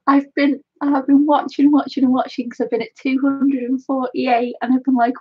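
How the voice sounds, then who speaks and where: A woman hosting a live colouring stream, chatting excitedly, giggling often and thanking viewers warmly. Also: on the high side, brisk, hardly any pauses, breathy edge, no echo, lo-fi sound. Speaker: craft channel host.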